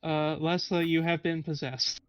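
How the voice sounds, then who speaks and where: A man's voice: a little high, level tone, measured pace, a bit bright, dry recording. A man narrating as game master of a tabletop game in a meandering, hesitant way. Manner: meandering, hesitant, frequent restarts.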